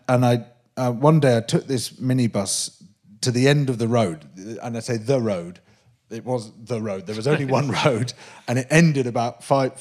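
A man, a guest on a live interview show on a theatre stage, telling an animated anecdote with many restarts and laughs. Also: medium pitch. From Britain. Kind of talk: live comedy-podcast interview, storytelling.

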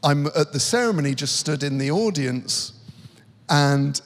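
Animated male comedian telling stories. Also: a little high, a little slow. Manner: animated storyteller who acts out the people in his stories. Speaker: guest comedian. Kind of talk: casual chat, telling anecdotes. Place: stage before a live audience. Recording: live venue with long reverb.

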